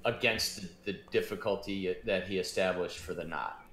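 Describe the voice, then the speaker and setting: A man's voice: low voice, moderate pace, pushed and bright, reverberant, a little hiss or hum. A man narrating as game master of a tabletop game, rambling with plenty of fillers.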